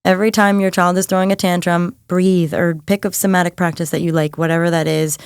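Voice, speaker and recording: A young woman speaks in a lowish voice as a podcast guest, chatty and earnest, leaning on "like" as she gives encouraging advice. The sound is dry and close, with no room around her. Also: level tone, fairly quick, clean tone, dry recording. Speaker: guest, mindset and nervous system coach. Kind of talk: casual podcast chat.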